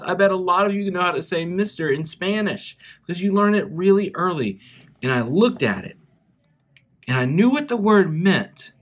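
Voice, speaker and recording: A man with a Southern US accent, from South Carolina, giving a chapel talk to schoolchildren and telling a story in an animated way straight to the kids. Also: sits high. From South Carolina, USA. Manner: animated storytelling, speaks directly to children.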